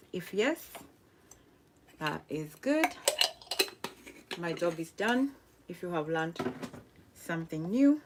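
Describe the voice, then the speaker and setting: Against a noisy background, a woman with a fairly low voice chats casually with viewers on her cooking livestream. She's unhurried and uses lots of fillers, laughing often and playing with French phrases.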